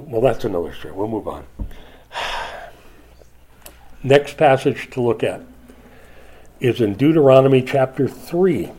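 An older man preaching a sermon as a pastor, dropping soft for asides and rising high when he pleads. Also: lively intonation, slow pace, long pauses, low-quality recording.

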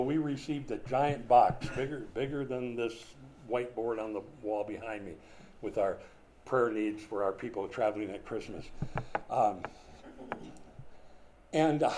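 A man's voice: mid-range voice, mellow, a little hiss or hum. An older man preaching a sermon in a conversational, folksy way, with chatty asides and small jokes. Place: room with a whiteboard.

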